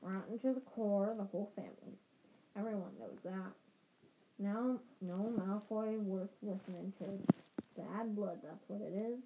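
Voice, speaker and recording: A woman voicing a huge, gruff but kindly male gamekeeper, speaking low and firm, with a dull recording sound. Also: unhurried, noisy background, close to an everyday voice. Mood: stern.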